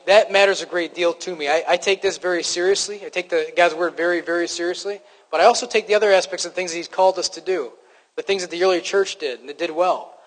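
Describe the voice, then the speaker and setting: A man with a high voice delivers a sermon in an easy, conversational way, often stumbling and restarting, and poking fun at himself. His words ring out with a long reverb, as in a large church hall. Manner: conversational, self-deprecating, frequent restarts. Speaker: preacher.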